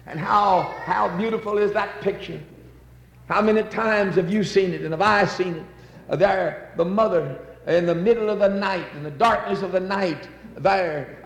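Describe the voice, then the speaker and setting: A man's voice: high voice, creaky. Fervent preacher man in an echoing hall. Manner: fervent, rising to near-shouts on emphasis. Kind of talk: sermon. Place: church.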